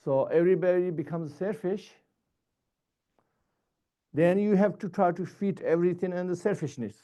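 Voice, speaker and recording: A man giving a Buddhist dharma teaching in short, halting, repetitive phrases. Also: high-pitched, mellow.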